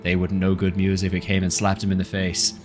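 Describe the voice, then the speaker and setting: A man doing a boastful tavern bard in a tabletop game, low-voiced and coaxing as he begs for the crowd's attention. He speaks at an unhurried pace, and faint music plays behind him. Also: monotone, a little mellow, natural voice. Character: showy male bard, boastful and attention-seeking.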